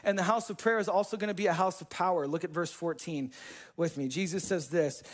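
A man preaching a sermon as pastor, talking casually with slang and swinging between hushed, intimate moments and fired-up emphasis. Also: high-pitched, steady tone, a little fast.

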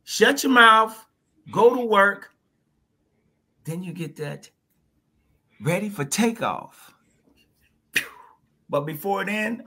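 A man guesting on a podcast, telling his story in a lively, folksy way and slipping into little voices. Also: sits high, takes it slowly, long pauses. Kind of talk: animated storytelling in conversation.

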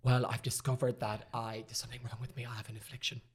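A man's voice: mid-range voice, little pitch movement, fast talker, a little hiss or hum. A man co-hosting a casual studio chat, camp and dramatic, swearing freely. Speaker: podcast co-host. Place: recording studio.

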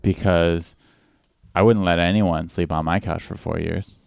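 Deep smooth-voiced male host. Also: steady tone, measured pace, dry recording, clean studio sound. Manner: short encouraging interjections and follow-up questions. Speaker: podcast host. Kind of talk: casual interview chat.

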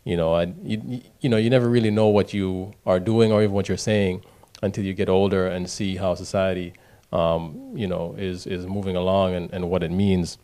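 A man with a lowish voice speaks in a relaxed group conversation. His delivery is laid-back and loose, with frequent check-ins to the people listening. He sounds easygoing rather than formal. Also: moderate pace. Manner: laid-back, often says "you know what I mean". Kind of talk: casual discussion.

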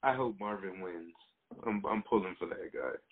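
A man's voice: low-pitched, expressive, moderate pace. A man co-hosting a podcast, easygoing and agreeable, cracking crude jokes. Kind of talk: casual podcast chat. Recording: tinny phone-like line.

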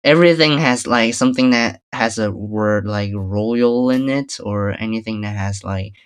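A man's voice: fairly low pitch, moderate pace, smooth. A man co-hosting a casual podcast chat, joking around and drifting into tangents. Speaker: podcast co-host.

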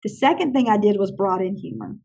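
A woman who trains teachers, telling animated stories in an interview and acting out other people's lines. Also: mid-range voice, brisk, gravelly, slightly rough. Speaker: teacher trainer and classroom consultant. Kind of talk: conversational interview storytelling.

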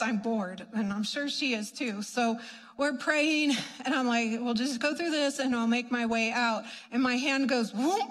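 A high-voiced woman tells a testimony story from the pulpit, acting out her own reactions with lively leaps in pitch. Her voice rings out with a long hall reverb. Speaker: ministry speaker.

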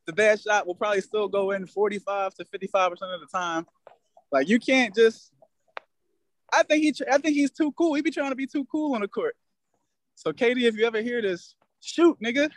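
A man's voice: high voice, fairly quick, no echo. A man co-hosting a casual sports podcast, earnest and opinionated with slangy speech. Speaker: podcast co-host.

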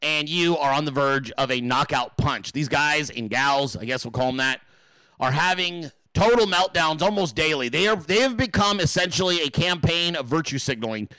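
Sarcastic ranting male host, bright voice. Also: on the high side, lively intonation, moderate pace, clean tone, no room sound, rough recording. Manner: sarcastic, mocking, profane; laughs often between remarks. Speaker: political commentary show host. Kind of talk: casual rant.

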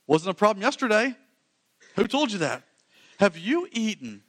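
A man's voice: high-pitched, sing-song, moderate pace, fairly bright tone, voice pushed up, heavily acted. A man voicing God, firmly questioning the first couple during a sermon retelling. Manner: questioning, firm. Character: God, calm searching male voice.

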